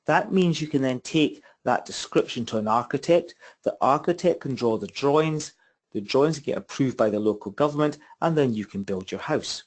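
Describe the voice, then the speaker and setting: A man's voice: medium pitch, lively intonation, normal speed. A man giving a property investment webinar as mentor, chatty and repetitive, asking his listeners rhetorical questions over a computer mic. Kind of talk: webinar presentation. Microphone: computer mic on a webinar call.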